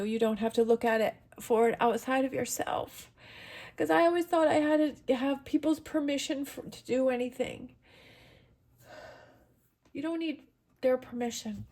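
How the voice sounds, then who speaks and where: A woman's voice: on the high side, normal speed, a little mellow. Earnest motivational woman tarot reader. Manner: earnest, motivational, repeats phrases. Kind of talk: encouraging tarot reading to camera.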